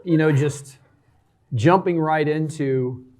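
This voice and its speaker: A man speaking as a guest on a live panel, animated and joking, dizzy from hot food. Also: a little high, slow pace. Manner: animated, joking, laughs often. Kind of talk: casual panel talk.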